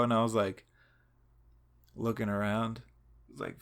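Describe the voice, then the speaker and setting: A man's voice: mid-range voice, flat delivery, normal speed, long pauses. A man telling a long story in a casual, rambling and profane way, laughing now and then.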